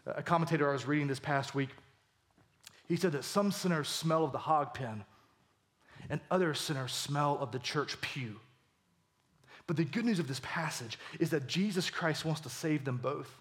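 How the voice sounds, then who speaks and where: A male pastor preaching a sermon with animated emphasis, his voice climbing for key points. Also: moderate pace. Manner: animated, voice rising high for emphasis.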